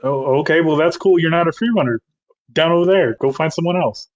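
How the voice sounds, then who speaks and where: A man's voice: a little high, a little fast, muffled recording, voice pushed up, natural voice. A man voicing a curt, dismissive male halfling doorman in a tabletop game. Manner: curt, brushing people off.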